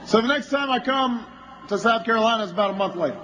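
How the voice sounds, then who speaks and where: A man, a politician, giving a campaign rally speech as an anecdote that builds toward shouting. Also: very high-pitched, quick pace, dull audio, background noise.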